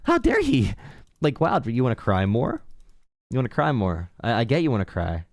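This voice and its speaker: A young man holds forth on his call-in livestream in a loose, sarcastic rant, often mocking his callers in a high whiny voice. His voice sits at an ordinary pitch and sounds dry and close to the mic. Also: very animated, fairly quick, darkish tone, dry recording. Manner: mocking, sarcastic, says bro a lot. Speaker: political call-in host.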